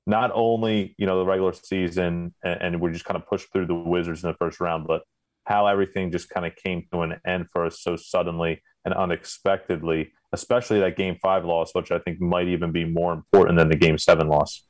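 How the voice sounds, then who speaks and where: A man's voice: low voice, flat delivery, brisk, dry recording. A man hosting a casual sports podcast who talks in long run-on sentences with restarts. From Philadelphia. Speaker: podcast host.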